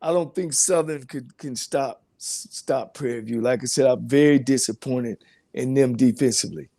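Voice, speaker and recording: A man, a coach, guesting on a sports radio show, giving short answers and halting with fillers. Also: mid-range voice, mellow. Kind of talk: casual sports talk radio.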